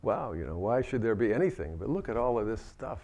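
Low-voiced man giving a reflective dharma talk. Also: very animated. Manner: gentle, reflective, unhurried with frequent restarts. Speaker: Buddhist teacher.

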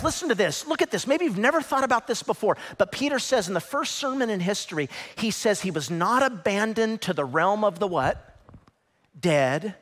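A middle-aged man preaches with a high, animated voice that jumps around in pitch. He drops to a hush and then climbs to near shouts. The sound carries the long reverb of a large church hall. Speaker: pastor. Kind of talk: sermon.

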